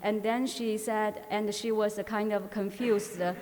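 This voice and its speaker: A woman giving an academic conference talk, halting, with frequent filler pauses and restarts. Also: mid-range voice, little pitch movement, a little mellow. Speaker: conference presenter. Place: university conference hall. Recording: long reverb of a conference hall.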